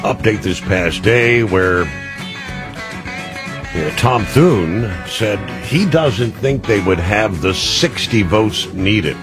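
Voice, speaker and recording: A man's voice: fairly low pitch, lively intonation, takes it slowly, over music. A man hosting a talk radio show, reading news items and adding opinionated, conversational asides with frequent "uh" fillers.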